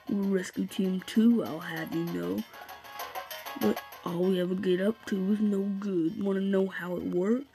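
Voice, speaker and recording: A smug villain boss who brags about his schemes in a gloating, mock-menacing tone, as a young man voices him while playing a game. The voice is gravelly and mellow, with faint game music behind it. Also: high voice, full character voice, low-quality recording. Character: boastful villainous male gang leader.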